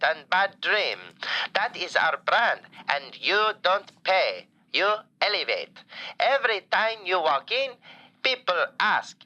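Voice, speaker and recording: A bright, lively voice, swooping up and down as a man plays a doting falafel shop owner on a comedic call-in show. He talks in broken English, drops his articles and delivers over-the-top compliments completely deadpan. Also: high voice, heavily acted, rough recording. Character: warm, flattering male falafel shop owner. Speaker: caller. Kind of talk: comedic radio call-in sketch.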